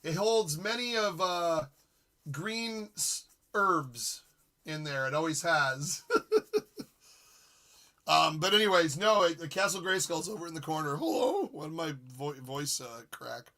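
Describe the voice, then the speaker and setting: A man in his forties hosts a live retro gaming stream in an easy, rambling chat. His voice sits a bit high and sounds bright and edged. He jokes around and reacts to his viewers with excitement. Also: a little slow. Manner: excitable, jokey, reads chat aloud. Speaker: streamer host.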